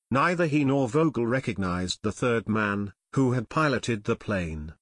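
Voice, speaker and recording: A man narrating an audiobook in a steady storytelling manner, recorded close on a studio mic. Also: mid-range voice, measured pace, hardly any pauses, no echo. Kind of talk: scripted narration.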